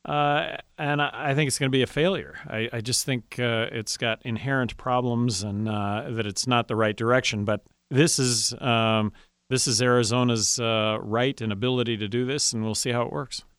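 A man speaks as a guest on a talk radio show. He is a former governor. His voice is smooth and clear, and his delivery is halting and full of fillers. The sound is dry and close. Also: medium pitch, steady tone, fairly bright tone, no echo. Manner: halting, many fillers and restarts. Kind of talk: casual radio interview.

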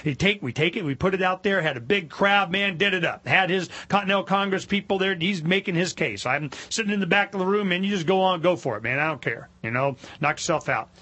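High, bright-voiced talk radio host man. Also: husky. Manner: animated, emphatic, rambling with frequent "you know"; acts out other people's voices in quick asides. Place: radio studio.

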